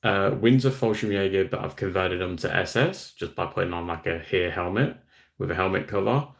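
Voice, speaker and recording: A young man with an Australian accent, hosting a relaxed livestream. His voice sits very low with a gravelly fry, and he chats loosely, reading out viewer comments and answering them. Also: fairly quick. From Western Australia. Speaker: livestream host. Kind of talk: casual livestream chat.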